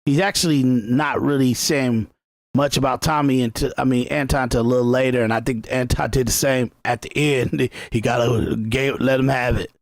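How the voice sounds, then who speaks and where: Irritated podcast host, gravelly and dry. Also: male voice, medium pitch, steady tone, normal speed, dry recording. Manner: rambling, irritated, repeats himself with restarts. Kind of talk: casual commentary reacting to clips.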